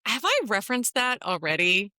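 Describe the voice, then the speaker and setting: A woman co-hosting a podcast in casual chat, animated and playful, laughing often. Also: medium pitch, moderate pace, no room sound, studio quality. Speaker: podcast co-host.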